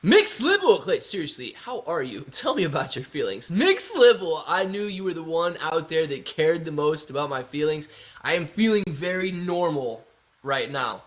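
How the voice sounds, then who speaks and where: A man's voice: a little high, normal speed, a bit bright. Jokey young man hosting a livestream. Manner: jokey, reads viewer comments aloud. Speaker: livestream host. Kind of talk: casual livestream chat.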